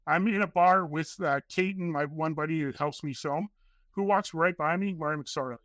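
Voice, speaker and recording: Excitable rambling storyteller man, bright edge. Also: fairly high pitch, normal speed, no room sound. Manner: excitable, rambling storyteller who acts out quoted voices. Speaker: podcast guest, documentary filmmaker. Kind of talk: casual interview storytelling.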